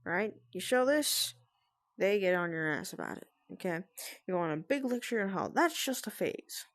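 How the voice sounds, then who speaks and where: Hushed, gravelly woman vlogger. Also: medium pitch, animated, moderate pace. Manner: hushed and careful, with nervous laughs. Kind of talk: casual explainer talk to friends. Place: at home with family nearby.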